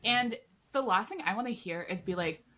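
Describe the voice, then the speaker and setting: A woman's voice: mid-range voice, moderate pace. A woman co-hosting a podcast, chatting casually about a TV show and acting out quotes in different voices. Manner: animated, acts out quotes in varied voices. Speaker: podcast co-host. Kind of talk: casual TV review chat.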